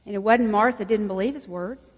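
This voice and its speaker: A woman preaching a sermon, swinging from hushed, intimate lines to loud emphatic peaks. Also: medium pitch, brisk. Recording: dull lo-fi recording with long hall reverb.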